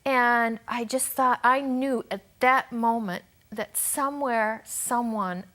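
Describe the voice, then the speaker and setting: A woman's voice: on the high side, slow, fairly bright tone. A woman telling her personal testimony as a guest, earnest and often dropping to a near whisper.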